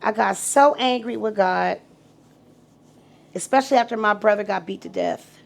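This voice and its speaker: A middle-aged woman telling her story on a podcast in a casual, animated, profane way, acting out the voices of the people in it. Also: medium pitch, normal speed, gravelly. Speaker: guest.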